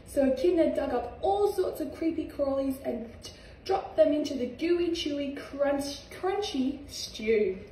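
A young Australian woman reading a children's picture book aloud in a gentle, sing-song way. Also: high voice, unhurried, hardly any pauses, slight background noise. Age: young adult. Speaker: reader, footballer. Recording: echoey room, far from mic.

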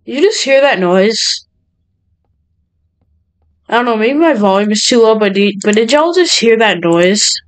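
A young woman with a high, smooth voice narrates her horror game run in a jittery, nervous way. She talks straight to her viewers as she plays, sounding easily spooked. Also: expressive, measured pace, long pauses, rough recording. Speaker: gaming channel host. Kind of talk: horror game let's play commentary.

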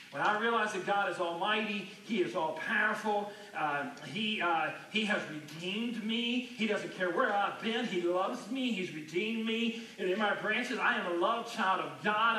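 A man preaching a sermon as a pastor, talking in a conversational way and dropping to a hushed voice when telling stories. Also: high-pitched, slight background noise. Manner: conversational, drops to a hushed near-whisper in stories. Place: church sanctuary. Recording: echoey church hall, mic at a distance.

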